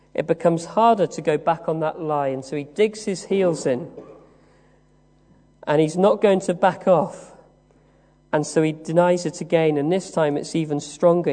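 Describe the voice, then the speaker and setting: A man from the West Country of England preaching a sermon, telling the story slowly with many "uh" pauses. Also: on the high side, dark tone. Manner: measured storytelling with frequent "uh" pauses. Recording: long reverb of a large hall.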